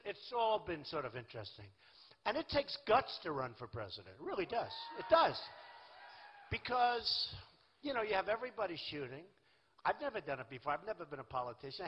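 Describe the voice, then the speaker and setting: A man's voice: high-pitched, big pitch swings, a little fast, breathy edge. A man in his sixties giving a rambling, boastful campaign rally speech in a large venue. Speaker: political candidate. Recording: lo-fi echoey hall recording.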